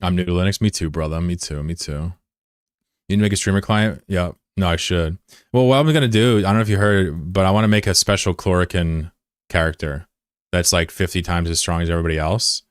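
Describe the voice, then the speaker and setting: A man streaming as the developer of his own game, chatting casually and swinging between excited shouting and muttered frustration. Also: low-pitched, brisk, clean tone, no echo, studio quality. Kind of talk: casual livestream chat.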